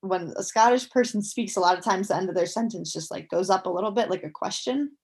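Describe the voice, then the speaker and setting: A woman's voice: medium pitch, fast talker, darkish tone. Woman, twenties, casual interview chat, upbeat, filler-heavy. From United States. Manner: chatty, frequent fillers, upbeat. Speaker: guest, professional athlete.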